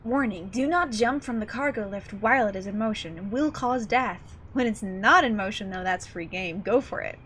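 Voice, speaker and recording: A woman's voice: medium pitch, moderate pace, hardly any pauses, fairly bright tone, a little hiss or hum. A young woman streaming a game from home, chatting casually, giggling and swearing freely as she plays. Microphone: desk mic.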